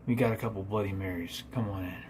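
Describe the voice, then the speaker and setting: Man putting on a chummy British camper, offhand, low-pitched. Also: fairly even intonation, quick pace, a little mellow, slight background noise, lightly acted.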